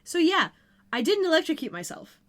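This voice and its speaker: A woman's voice: very high voice, big pitch swings, a little fast, fairly bright tone. Chatty woman recapping a show. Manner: chatty, rambling with fillers. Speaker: podcast co-host. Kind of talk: casual recap chat.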